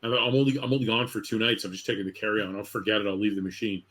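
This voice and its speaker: A man's voice: on the low side, little pitch movement, rapid-fire, fairly bright tone. A man in his fifties, a podcast host telling stories in a chatty, casual way. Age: 50s. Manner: chatty storyteller, frequent restarts. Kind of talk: casual chat.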